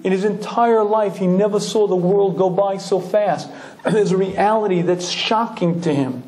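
A male Torah lecturer telling a lively story, clearing his throat often. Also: a little high, normal speed. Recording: roomy echoing hall.

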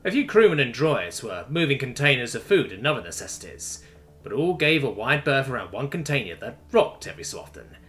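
A man narrating a science fiction story in an expressive, scripted reading. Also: medium pitch, brisk. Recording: faint music underneath.

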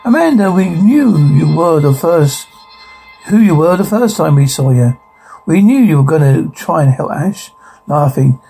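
A man's voice: a little high, animated, a little slow, creaky, warm tone, husky, faint music behind, heavily acted, low-quality recording. An actor playing the mocking evil double of a male hero, lewd and cruel, taunting in a TV horror-comedy. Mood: gloating.

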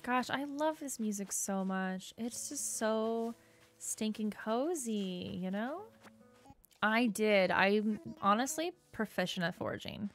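A woman's voice: medium pitch, lively intonation, takes it slowly. A young woman giving casual gameplay commentary, bubbly and gushing, with lots of filler words. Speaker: gaming YouTuber. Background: soft game music.

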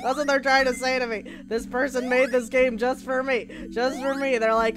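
A woman with a high voice comments while playing a horror game, joking around and shrieking whenever something jumps out. Her tone is level and her pace moderate, with hardly any pauses, though she's jumpy at the scares.

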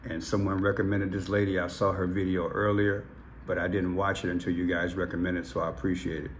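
A man's voice: deep voice, flat delivery, fairly quick, a little hiss or hum. A man talking to his viewers in casual commentary, emphatic and repeating phrases. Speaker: vlogger.

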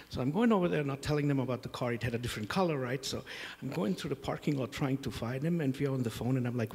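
A man's voice: medium pitch, quick pace, hardly any pauses, a little mellow. Middle-aged man telling stories in a hall. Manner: humorous, self-deprecating anecdotes. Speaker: conference host. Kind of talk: storytelling conference introduction. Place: conference hall.

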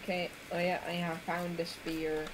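Soft-spoken woman on voice chat. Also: on the low side, flat delivery, moderate pace, poor audio. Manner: quiet, brief replies. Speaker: friend joining the game on voice chat.

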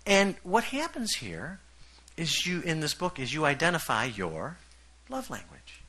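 A man's voice: fairly high pitch, big pitch swings, measured pace, pushed and bright. A middle-aged male pastor giving a conversational sermon, often checking in with the congregation.

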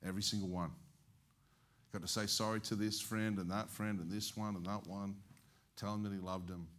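At a church service, an evangelist preacher with an Australian accent tells a story in his sermon, animatedly acting out its dialogue. His voice is fairly low and moves at a moderate pace.

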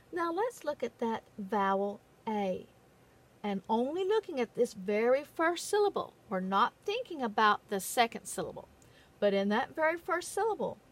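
A woman giving a phonics lesson in a patient, deliberate way, stressing the key words. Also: fairly high pitch. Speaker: phonics teacher. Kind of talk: slow, careful classroom instruction.

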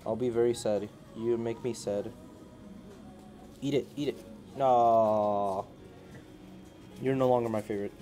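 A man vlogging in an indoor animal cafe, talking into a handheld phone and coaxing the animals in an excited, playful voice. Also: mid-range voice, a little slow, long pauses, soft background music. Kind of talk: casual vlog talk. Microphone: handheld phone camera.

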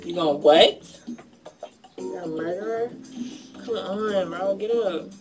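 Slow slurring woman, distant phone clip. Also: fairly low pitch, music in the background. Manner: slurred, drawn-out, taunting. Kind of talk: prank video, acting drunk.

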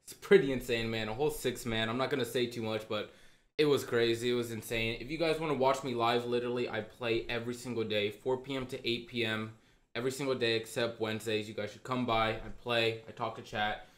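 A young man commenting casually on his own gameplay as a streamer, excitable and slangy. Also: medium pitch, fairly quick. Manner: excitable, slangy, keeps saying dude. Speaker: gaming streamer and YouTuber.

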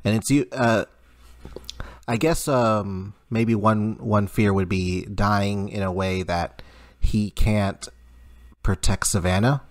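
A man co-hosting a podcast, talking in a halting way with many pauses and fillers. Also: lowish voice, steady tone, no echo, studio quality. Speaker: podcast co-host. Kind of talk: casual chat.

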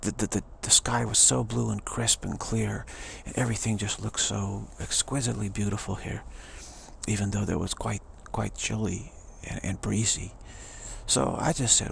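A man's voice: lowish voice, steady tone, moderate pace, slight background noise. A middle-aged man giving a rambling, enthusiastic pep talk, repeating himself and chuckling often. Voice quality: gravelly. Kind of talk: rambling motivational monologue.

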